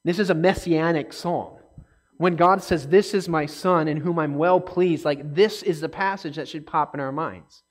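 A man teaching a casual Bible study, talking conversationally and checking in often with listeners, and getting animated when reading scripture aloud. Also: fairly high pitch, normal speed.

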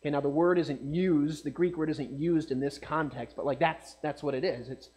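A man's voice: fairly high pitch, fairly even intonation, moderate pace, a little mellow. A man preaching a casual sermon in a conversational way, often checking in with his listeners.

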